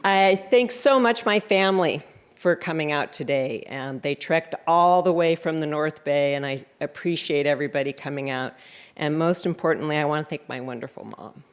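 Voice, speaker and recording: A woman's voice: deep voice, normal speed, smooth. A woman in her fifties giving a wry, self-deprecating acceptance speech at a library reception. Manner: sarcastic, self-deprecating humor. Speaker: award recipient giving thanks.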